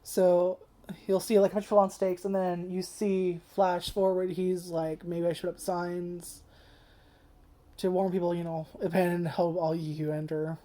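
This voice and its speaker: A woman talks straight to the camera in a loose, rambling vlog review. Her voice sits a little low and sounds soft and mellow. She swears freely, leans on "like" constantly, and gets emotional as she goes. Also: flat delivery, moderate pace. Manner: rambling and profane, heavy use of "like"; emotional, tearful at times. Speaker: anime reviewer.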